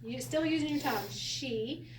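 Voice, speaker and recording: A woman teaching a Hebrew lesson to a class, animated and quick to laugh as she acts out quotes. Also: high-pitched. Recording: echoey room from a distance, faint hiss.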